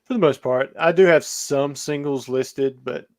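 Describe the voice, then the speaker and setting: A man's voice: medium pitch, unhurried, a little mellow. A man who is a guest on a podcast interview and sells cards, talking in a rambling way and hedging with lots of fillers. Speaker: podcast guest, card seller.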